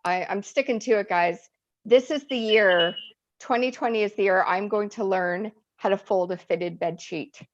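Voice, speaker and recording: A woman's voice: medium pitch, normal speed, muffled recording. A woman doing a stand-up set, chatty and self-deprecating, often laughing at her own jokes. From Eastern Europe. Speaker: stand-up comic. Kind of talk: stand-up routine.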